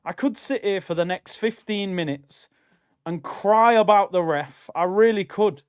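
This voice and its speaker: Man, slightly higher voice, ranting, exasperated, slangy, live football reaction stream. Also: measured pace, clean tone, lo-fi sound. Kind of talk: live match reaction and reading chat.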